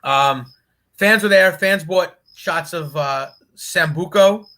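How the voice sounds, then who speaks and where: A man guesting on a podcast, telling a profane, animated road story and laughing as he goes. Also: sits high, slow. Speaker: guest wrestler. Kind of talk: casual storytelling.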